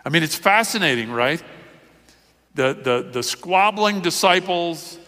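A man's voice: fairly high pitch, expressive, unhurried, sharp tone, in a large hall. A male pastor preaching a sermon in a loose, conversational way, full of fillers and questions to the congregation.

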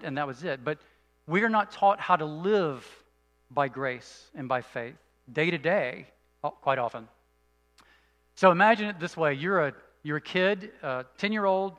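A man preaching a sermon as a pastor, earnest, moving between emphatic and hushed delivery. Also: fairly high pitch, long reverb tail.

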